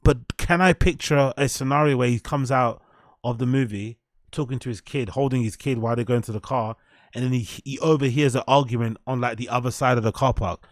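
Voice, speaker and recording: A young man with a British accent hosts a casual stream, talking back to his chat with sarcastic, swearing rhetorical questions. His voice sits at a middle pitch and the sound is close and dry. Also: fairly even intonation, fairly quick, no room sound. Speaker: host. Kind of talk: casual chat reacting to clips.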